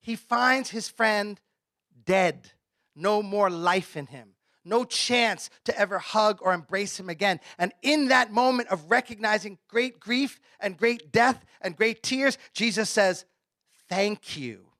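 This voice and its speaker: A male pastor preaching a sermon in a conversational way, often dropping his voice to a near hush for emphasis. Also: sits high, a little slow, no room sound, studio quality.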